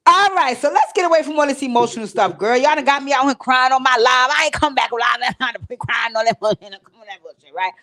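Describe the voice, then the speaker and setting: A woman's voice: sits high, animated, a little fast, few pauses, pushed and bright. Woman host, casual live stream from home, direct and emotional with viewers. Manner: emotional, talks to viewers directly, tearful at times. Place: home recording space.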